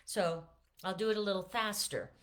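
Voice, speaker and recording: A middle-aged woman voice teacher talking casually through a singing lesson, with lots of fillers and restarts. She says her voice is not fully warmed up yet. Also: mid-range voice, moderate pace. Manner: relaxed, chatty, many fillers and restarts. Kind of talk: casual vocal lesson with sung demonstrations.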